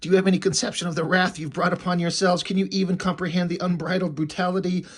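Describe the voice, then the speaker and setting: A man's voice: high voice, flat delivery, fast. Boastful comic-book pig sidekick, endless hype-man patter; a man reads it. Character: bombastic male pig-creature sidekick and self-styled bard. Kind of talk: reading comic dialogue aloud.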